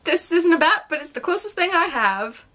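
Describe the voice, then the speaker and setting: A young woman gushing excitedly about a TV show in a casual vlog. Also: very high-pitched, normal speed, very noisy. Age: young adult. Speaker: guest vlogger.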